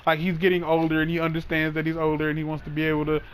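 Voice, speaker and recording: A man hosting a casual podcast chat, telling a long story in a rambling, animated way, full of "like" and restarts. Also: on the high side, very fast, a little hiss or hum, low-quality recording. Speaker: host.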